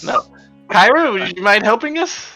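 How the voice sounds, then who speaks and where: A man's voice: high voice, animated, normal speed, over music. A man playing in a tabletop game, casual and playful, often laughing. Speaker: player. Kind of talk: tabletop game play on stream.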